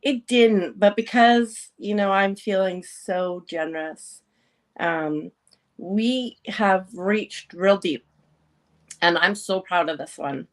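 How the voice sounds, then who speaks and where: A woman's voice: medium pitch, slow pace. A woman hosting a casual talk show, playful and teasing, laughing often between her lines. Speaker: podcast host. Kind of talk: casual chat.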